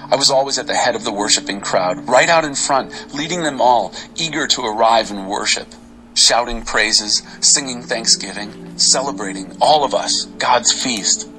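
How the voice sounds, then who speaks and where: A man giving an expressive, dramatic reading of Bible psalms over faint music. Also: mid-range voice, normal speed, rough recording. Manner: expressive, varied delivery. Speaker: scripture reader.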